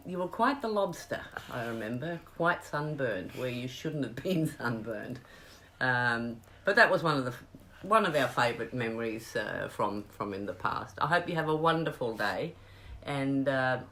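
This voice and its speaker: An adult family member recalling a shared memory in a halting personal birthday message. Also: medium pitch, pushed and bright, poor audio. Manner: halting, with fillers and restarts, fond.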